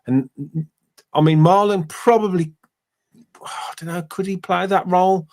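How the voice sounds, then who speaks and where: Chatty football phone-in host. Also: male voice, high-pitched, fairly even intonation, measured pace. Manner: chatty, laughs easily, warm banter. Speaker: podcast host. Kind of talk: casual fan phone-in chat.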